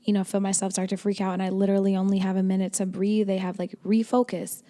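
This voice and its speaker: A woman's voice: medium pitch, level tone, fast talker, warm tone. A young woman co-hosting a podcast, chatting casually and acting out little quoted exchanges. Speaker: podcast co-host. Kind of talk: casual chat.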